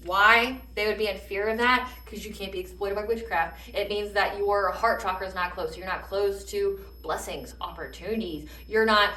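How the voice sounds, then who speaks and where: A woman's voice: medium pitch, normal speed, hardly any pauses, bright, forceful tone, far from the mic. A woman giving a channeled tarot reading in a heated, profane, emphatic rant. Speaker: tarot reader. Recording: roomy echo, voice a bit off-mic.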